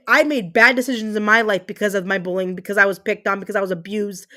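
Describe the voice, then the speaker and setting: Fast and almost without pauses, a fuming woman in her thirties rants on her livestream in a medium-pitched, bright, forceful voice with fairly even intonation. She swears, repeats herself, and hits every point hard.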